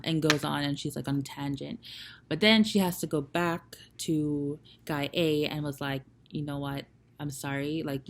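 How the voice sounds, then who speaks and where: A woman's voice: deep voice, fairly bright tone. A young woman vlogger in casual storytelling, chatty with many fillers, acting out the people she quotes. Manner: chatty, lots of fillers, retells scenes in quoted voices.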